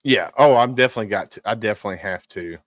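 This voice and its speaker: Man in his forties, low voice, halting, fillers, dry close sound. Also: dry recording. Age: 40s. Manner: halting, repeats words, many fillers. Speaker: guest veteran. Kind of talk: casual interview talk.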